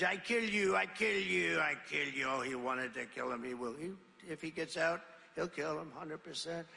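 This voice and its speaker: A man giving a rambling rally speech, asking the crowd questions and shouting. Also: on the high side, gravelly, slight background noise. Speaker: political speaker. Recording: reverberant large venue.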